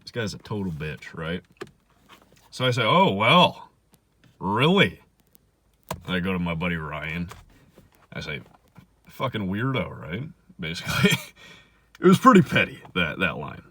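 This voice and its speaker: A young man casually telling a story on his vlog, animated and swinging between loud bursts and muttered asides. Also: deep voice, moderate pace, pauses often, a little hiss or hum.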